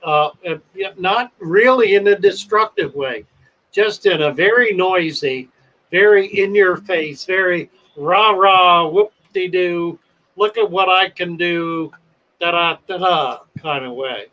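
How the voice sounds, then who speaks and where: A man hosting a livestream who tells a long story in a drawn-out, dramatic way. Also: high voice, muffled recording. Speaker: pet shop owner and livestream host.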